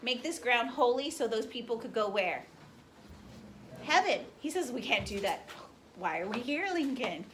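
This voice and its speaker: A woman's voice: on the high side, big pitch swings, normal speed. A woman teaching a history class, reading a speech aloud and firing questions at her students. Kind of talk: classroom lecture. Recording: classroom recording from far off, slight noise.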